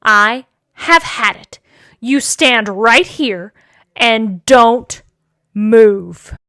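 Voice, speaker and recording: An exasperated storybook father, firm but loving, as a woman reading aloud puts him on. He scolds slowly and deliberately in a lowered voice. The recording is close and dry. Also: big pitch swings, sharp tone, no room sound, exaggerated voice. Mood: stern.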